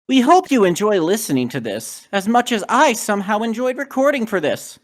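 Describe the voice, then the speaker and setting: A woman's voice: medium pitch, big pitch swings, fairly quick. A woman guest performer joining in comic banter with mock exasperation.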